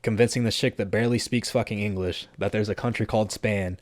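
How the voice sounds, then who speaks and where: A brash young man in his twenties tells a story in a profane, rapid-fire rush. His voice sits a little low. The sound is dry and close to the mic. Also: fairly even intonation, dry recording. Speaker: vlogger. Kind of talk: storytelling vlog.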